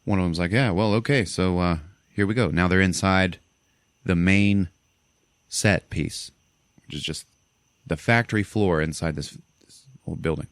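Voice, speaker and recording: A man hosting a casual podcast, walking through a movie's plot with animated asides and plenty of swearing. His voice is low. The sound is close and dry. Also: moderate pace, no room sound. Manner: animated storyteller, swears, laughs often. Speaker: podcast host. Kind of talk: casual movie recap chat.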